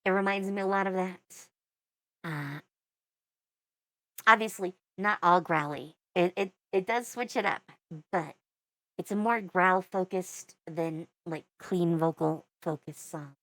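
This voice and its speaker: A woman's voice: lowish voice, unhurried, a bit bright, no echo. A woman in her forties giving casual reaction commentary as a VTuber, with wry, rambling asides.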